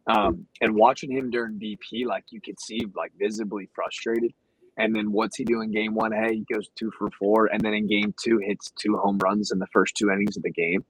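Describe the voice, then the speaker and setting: A man on a sports podcast, telling a story in an animated way. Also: on the low side, normal speed, breathy edge, no room sound, rough recording. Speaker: podcast guest, sports reporter. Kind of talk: casual sports chat.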